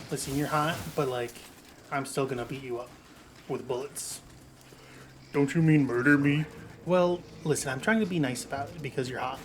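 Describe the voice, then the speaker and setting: A young man with a slightly high voice gives casual gameplay commentary, cracking jokes and swearing as he banters with the characters on screen. A steady hiss of background noise runs under his voice. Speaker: gameplay streamer.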